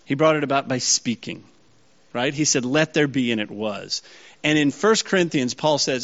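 A man preaching to a congregation in a teaching sermon, pausing often to ask if everyone is following. His voice sits at an ordinary middle pitch. The recording is somewhat muffled and lo-fi. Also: fairly bright tone. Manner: checks in with the audience often, asking if they follow. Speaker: pastor. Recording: slightly dull lo-fi sound.

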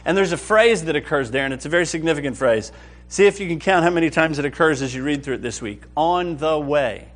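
A man's voice: fairly high pitch, fairly bright tone. A man teaching a Bible study class with enthusiasm, often checking whether the group is following. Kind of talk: lively Bible class lecture.

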